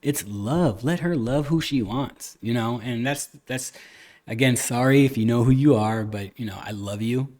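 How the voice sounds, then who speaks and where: A man's voice: medium pitch, moderate pace, a little mellow. A man hosting a casual podcast chat, earnest and rambling, with many restarts and fillers. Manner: earnest, occasionally cusses. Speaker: podcast host.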